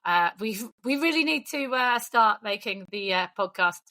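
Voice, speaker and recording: Bright-voiced woman teasing her co-host. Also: on the high side, lively intonation. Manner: teasing, brisk and direct. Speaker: podcast co-host. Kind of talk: casual chat.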